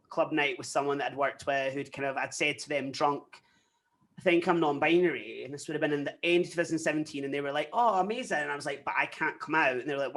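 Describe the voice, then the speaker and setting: A young adult guest with a Scottish accent, telling personal stories candidly in a casual interview, often quoting themselves and others. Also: male voice, fairly high pitch. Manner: candid, animated storytelling with frequent quoted asides.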